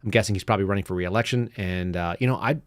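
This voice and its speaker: A man's voice: low-pitched, very fast, no room sound. A man hosting a live commentary show in a loose, chatty way, often laughing and restarting his sentences. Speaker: podcast host. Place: home studio set.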